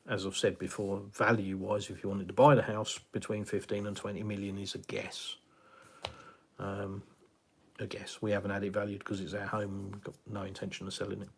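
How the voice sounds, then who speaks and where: Here the fairly low voice has vocal fry and a breathy edge. It belongs to a middle-aged English man whose southeastern accent carries a slight West Country twang, chatting on a live stream, replying to viewer comments and rambling with many fillers and restarts.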